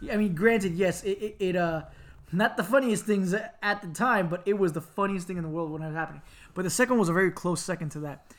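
This Miami man is a fast talker, laughing his way through a family story in casual conversation. He gets animated and uses squeaky voices to act out the characters.

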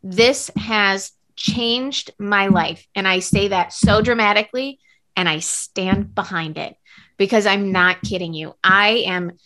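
A woman's voice: mid-range voice, takes it slowly, bright, forceful tone. A woman co-hosting a podcast, chatting earnestly and casually with lots of fillers. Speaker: podcast co-host. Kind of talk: casual chat.

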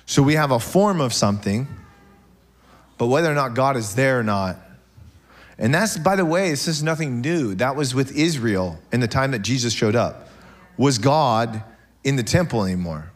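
Male pastor, mid-pitched voice, lively joking sermon delivery in a church. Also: moderate pace. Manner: animated, joking with the congregation, frequent "okay?".

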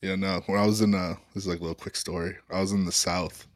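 A young man co-hosting a podcast, telling anecdotes in an animated, laughing way. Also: low voice, fast, no echo, studio quality. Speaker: podcast co-host. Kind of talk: casual storytelling chat.

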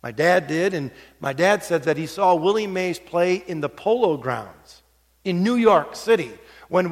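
High-voiced preacher in a reverberant hall. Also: male voice. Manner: storytelling, swings between hushed asides and rising exhortation. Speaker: pastor. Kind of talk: sermon.

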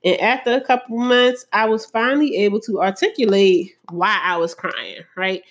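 A vlogger talks to camera about her own hard times in a candid personal talk. Her voice is medium-pitched and steady at a moderate pace, and she comes across earnest and emotional, using plenty of casual fillers.

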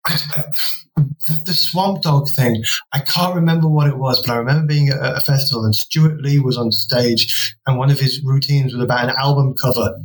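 A man's voice: fairly high pitch, fairly bright tone, echoey room, slight background noise, rough recording. A man hosting a casual chat, talking in a hesitant way with many ums and restarts. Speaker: podcast host.

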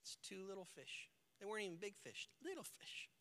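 Male pastor, very high piercing voice, dynamic sermon delivery from whisper to shout, long church reverb. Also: very animated, brisk. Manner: dynamic preaching, swings from hushed to shouting; acts out quoted characters in the stories.

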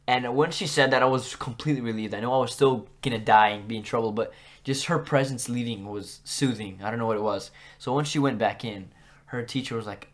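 A young man hosting a podcast, telling school stories in a casual, animated way and acting out what people said. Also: medium pitch, a little fast. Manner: animated, acts out quotes with big jumps in loudness. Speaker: podcast host. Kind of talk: casual storytelling.

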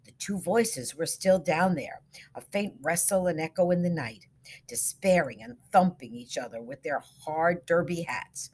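A woman narrating a suspenseful short story in a hushed, dramatic reading. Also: deep voice, measured pace.

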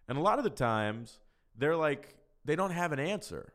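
A man's voice: on the high side, very animated, moderate pace, fairly bright tone. A man hosting a solo podcast, answering listener questions in casual chat, talking frankly and profanely with a rambling, loose flow. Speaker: podcast host.

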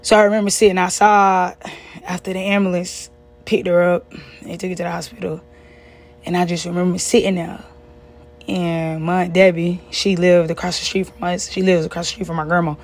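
A young woman with a husky, slightly low voice tells a personal story. She talks earnestly and conversationally, trailing off and restarting her sentences often. Her tone is plain and unpolished. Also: level tone, a little fast.

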